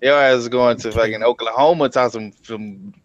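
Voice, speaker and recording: A man's voice: medium pitch, moderate pace, muffled recording, noisy background. A man in his twenties, a guest on a casual livestream chat, laid-back, swearing and laughing easily. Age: 20s.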